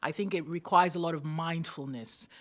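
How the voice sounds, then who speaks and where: A woman's voice: sits low, moderate pace. A middle-aged woman from Nigeria, a guest on an interview podcast, talking conversationally, laughing often and repeating words as she gathers her thoughts. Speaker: guest, community builder.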